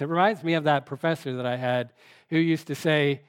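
A man's voice: on the high side, steady tone, brisk, smooth. A man preaching a teaching sermon, reading scripture aloud and talking with the congregation in a conversational way.

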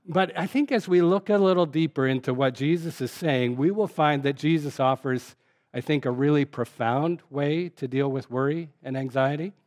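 An older man as a pastor giving a relaxed, conversational sermon, reading scripture and explaining it with frequent fillers. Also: mid-range voice.

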